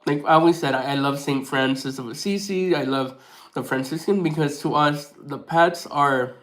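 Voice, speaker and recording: A man vlogging casually to camera, rambling with many restarts and fillers, softly sentimental in tone. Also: on the high side, normal speed, rough recording.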